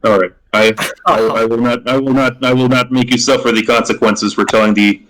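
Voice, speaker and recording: A man running a tabletop game as game master, talking haltingly with many fillers. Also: medium pitch, steady tone, a bit bright, rough recording.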